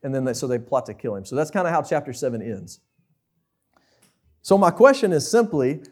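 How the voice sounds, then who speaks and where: A man's voice: medium pitch, very animated, brisk, pauses often, darkish tone. A young man preaching a conversational sermon, asking the listeners questions.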